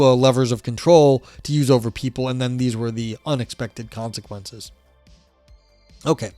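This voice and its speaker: A man's voice: mid-range voice, darkish tone, no room sound. Rambling New York man, casual chat. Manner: rambling, profane, many fillers and restarts. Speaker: livestream host reading a book. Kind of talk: casual livestream chat and reading aloud.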